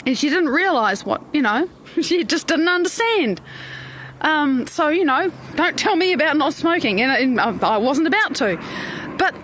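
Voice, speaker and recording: Lively high-voiced woman coach, dry sound. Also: moderate pace, slight background noise. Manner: expressive, acts out quoted inner voices, greets viewers. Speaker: life coach. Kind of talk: live-streamed coaching talk. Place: outdoors in the sun.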